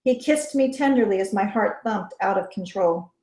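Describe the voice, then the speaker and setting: A woman's voice: medium pitch, normal speed, darkish tone. Woman reading a novel aloud, roomy. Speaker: author reading her novel. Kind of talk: first-person novel reading. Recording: roomy echo.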